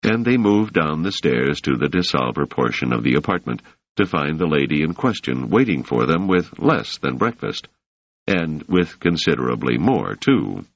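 A man reading a novel aloud in measured, expressive narration, in a slightly muffled recording. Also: rumbling low, no room sound. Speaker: audiobook narrator. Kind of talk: scripted narration.

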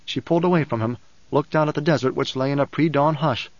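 A man narrating an audiobook in a measured, dramatic reading style. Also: on the high side, dry recording. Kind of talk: scripted narration. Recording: dull, dry recording.

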